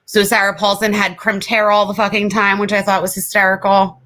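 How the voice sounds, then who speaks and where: A woman's voice: mid-range voice, completely flat delivery, brisk, bright, forceful tone. A woman co-hosting a podcast, chatting casually, blunt and opinionated and swearing freely. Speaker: podcast co-host. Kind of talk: casual chat.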